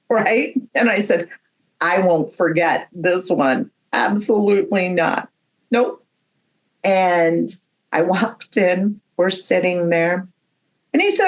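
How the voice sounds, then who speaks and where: A woman's voice: fairly low pitch, highs cut off. A woman, a medium who is a guest on a podcast, telling a story in a casual interview and acting out the voices of the people in it. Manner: animated storyteller, acts out quoted voices.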